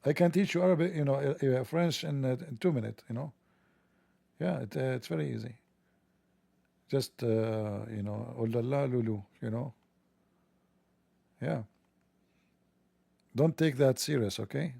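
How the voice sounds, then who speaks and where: A man's voice: medium pitch, measured pace, vocal fry, long pauses, warm tone, no echo. A man hosting a livestream, delivering a sarcastic, joking, mocking monologue. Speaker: livestream host.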